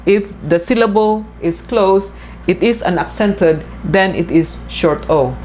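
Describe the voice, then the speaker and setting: A woman's voice: lowish voice, slow, darkish tone, a little hiss or hum. A woman instructor giving a recorded lecture, explaining step by step, repeating points with frequent fillers.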